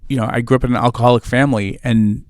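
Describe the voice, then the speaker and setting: A man's voice: medium pitch, steady tone, rapid-fire, a little mellow, dry recording. A man from New England speaking on a discussion panel, telling personal stories earnestly. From New England, United States. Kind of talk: podium discussion.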